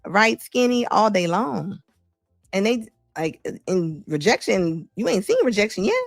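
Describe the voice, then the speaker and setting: Female livestream host with a gravelly voice, recorded dry and close, chatty, reads comments and laughs a lot. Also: mid-range voice, sing-song, unhurried, no room sound, faint music behind.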